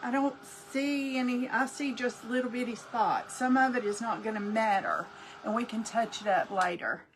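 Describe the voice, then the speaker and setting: A woman's voice: fairly high pitch, moderate pace, a little hiss or hum. An older woman, chatting folksily with viewers on a crafting live stream as host. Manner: chatty, folksy, talks to viewers while working.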